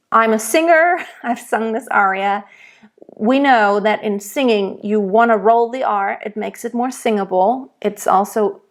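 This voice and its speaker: A woman voice teacher giving a diction lesson for singers. She explains patiently, then demonstrates each word aloud with strongly stressed consonants. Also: a little high. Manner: rolls and stresses German consonants in her demonstrations.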